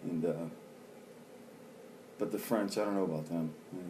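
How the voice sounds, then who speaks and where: A man's voice: deep voice, fairly even intonation, normal speed, background noise. A middle-aged man venting in a rambling, profane vlog rant full of fillers. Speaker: vlogger. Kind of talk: ranting vlog monologue.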